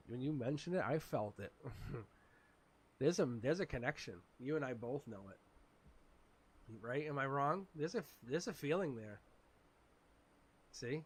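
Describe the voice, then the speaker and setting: Raspy man, tarot reader on a live stream; animated, chatty, laughs often. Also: medium pitch.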